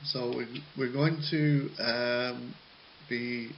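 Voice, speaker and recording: Very slow-talking male English teacher. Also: mid-range voice, creaky. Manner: patient, jokey, with frequent ums and pauses. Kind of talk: recorded classroom lesson. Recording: slightly muffled with faint hiss.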